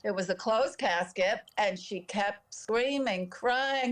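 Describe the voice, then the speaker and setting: A woman's voice: mid-range voice, measured pace, few pauses. A woman guest telling a personal story in an interview, in an earnest, emotional way, acting out the voices of the people she quotes. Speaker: podcast guest.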